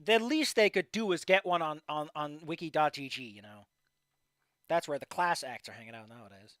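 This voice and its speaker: A man's voice: a little high, animated, moderate pace, fairly bright tone, no echo. A man casually reading fan fiction aloud, with rambling, profane asides and a voice that is tiring. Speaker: story reader.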